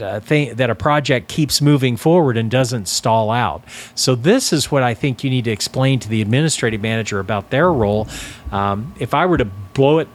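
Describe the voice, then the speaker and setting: Emphatic male business coach. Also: medium pitch. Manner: deliberate, emphatic, stresses key words. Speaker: business coach for financial advisors. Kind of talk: instructional coaching talk.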